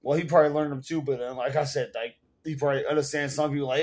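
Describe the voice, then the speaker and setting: A man's voice: mid-range voice, steady tone, quick pace, darkish tone. A man with a New York accent ranting casually to the camera at home, profane and rambling, full of fillers. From Bronx, New York. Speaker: vlogger.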